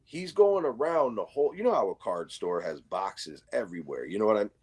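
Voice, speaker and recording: A man's voice: on the low side, expressive, a little fast, a little mellow, slightly rough. A man in casual chat, telling a story with slang and swearing. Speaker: livestream co-host.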